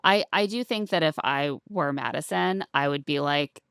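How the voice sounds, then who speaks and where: A woman with a low voice and plenty of gravelly fry talks through a reality show in a relaxed, chatty way, slipping into put-on voices when she quotes people. The sound is close and dry, with no room around it. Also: normal speed, dry recording. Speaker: podcast co-host. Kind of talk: casual recap chat.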